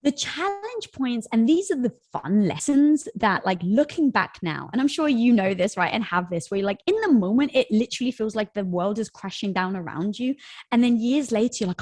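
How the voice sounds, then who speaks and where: A woman in her thirties, a company co-founder, telling an animated story in an interview and acting out what people said. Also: on the high side, moderate pace, dry recording, studio quality. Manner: lively storyteller who acts out quoted dialogue.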